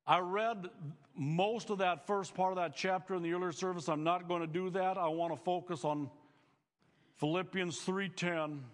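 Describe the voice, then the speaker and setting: Male pastor, sermon, earnest emphatic delivery, high voice, long hall reverb. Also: steady tone, normal speed. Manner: earnest preaching with rising emphatic phrases.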